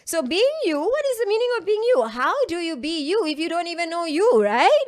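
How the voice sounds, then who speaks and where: A woman's voice: very high voice, very animated, fairly quick. A woman with a Singaporean English accent gives a chatty coaching talk to an online class, stressing points by repeating phrases.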